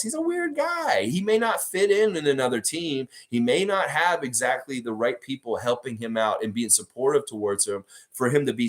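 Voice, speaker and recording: A young man from Canada hosting a casual livestream from his home room, reading chat comments and telling stories in an animated, profane way. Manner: acts out quotes in a high exaggerated voice. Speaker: livestream host. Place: home room where he works.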